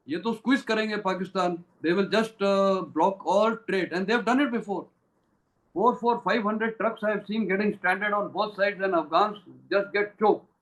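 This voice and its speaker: A man's voice: high voice, low-quality recording. An older Indian man, a retired army general, giving emphatic interview answers in Indian-accented English with many fillers and brief switches into Hindi.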